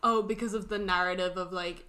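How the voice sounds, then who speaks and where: Bright-voiced woman making wry remarks. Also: medium pitch, steady tone, a little fast. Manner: wry commentary with joking asides. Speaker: podcast co-host. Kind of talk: casual book discussion.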